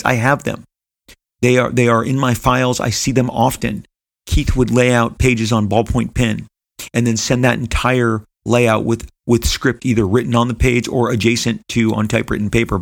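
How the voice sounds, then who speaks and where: A man's voice: mid-range voice, gravelly, no room sound. A middle-aged man, a comic book creator, telling a personal story in an earnest, rambling way with frequent restarts.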